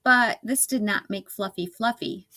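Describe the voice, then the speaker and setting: A woman reading a storybook aloud to children, expressive and laughing along. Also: mid-range voice, unhurried.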